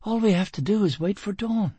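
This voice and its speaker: A man's voice: sits high, a little fast, dark tone, slightly rough, dry recording, pitched above the performer's own voice. A man voicing a frightened, exhausted young woman, his tone shaky, breathless and pleading. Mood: astonished joy.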